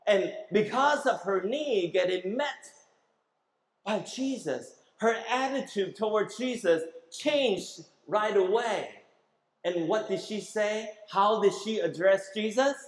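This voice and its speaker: A man's voice: high-pitched, reverberant, poor audio. A man preaching a sermon as pastor, emphatic, asking the congregation questions and having them repeat words after him.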